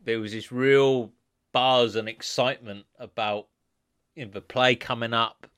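A man's voice: mid-range voice, steady tone, measured pace, a bit bright, clean tone. A man hosting a podcast, chatting casually with his guests and laughing easily. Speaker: podcast host. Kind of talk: casual interview chat.

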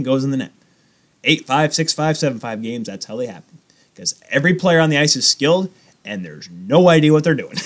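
Young male podcast co-host, animated and rambling, somewhat high, lively pitch. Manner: animated, rambling hockey talk. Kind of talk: casual chat.

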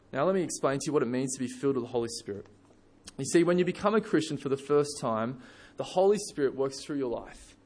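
Man giving a sermon, conversational, relaxed asides, somewhat high voice. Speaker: preacher.

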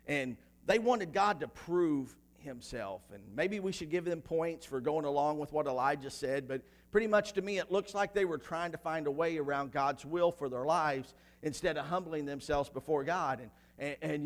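High-voiced man preaching a sermon. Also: normal speed, hardly any pauses. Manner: builds from low, quiet reading to loud, shouted preaching. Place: church.

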